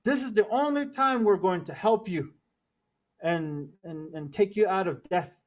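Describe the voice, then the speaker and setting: A man with a high, slightly slow voice tells a traditional story as a lesson, repeating words for rhythm and weaving in Navajo words. He is a storyteller and cultural presenter.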